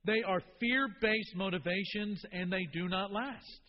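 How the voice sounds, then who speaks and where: A man's voice: high-pitched, unhurried, slight background noise. A man preaching a sermon as a pastor, talking to the congregation in an emphatic, conversational way. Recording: dull reverberant hall recording.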